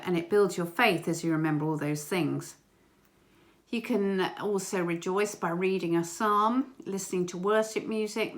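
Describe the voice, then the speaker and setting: A woman giving an informal church talk, earnest and gentle, with small hesitations. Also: lowish voice. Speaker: church member sharing a prayer message.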